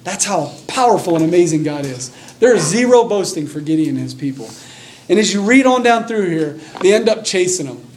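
High-voiced, animated male preacher. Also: fairly quick, slight background noise. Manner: animated storytelling, reads scripture aloud, acts out scenes with excitement. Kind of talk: sermon.

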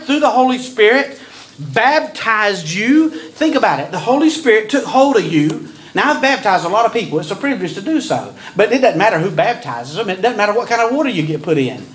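A male pastor preaching a sermon, swinging from slow, dramatic pauses to sudden loud bursts. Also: high-pitched, big pitch swings, a little hiss or hum, rough recording.

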